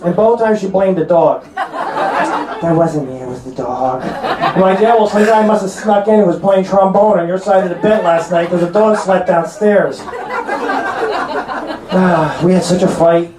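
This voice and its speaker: Stand-up comic, male, 30s, North Jersey accent, pitched high, brash and crude, in a roomy club. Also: steady tone. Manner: brash, crude punchlines with quick asides. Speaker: stand-up comedian. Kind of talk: stand-up comedy set. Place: comedy club stage. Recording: roomy club with laughing crowd. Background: audience laughter.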